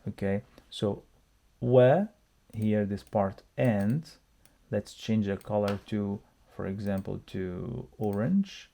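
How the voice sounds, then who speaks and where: Slow, gravelly male language teacher. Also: lowish voice, mellow. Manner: patient, repeats words slowly for learners. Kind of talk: online language lesson.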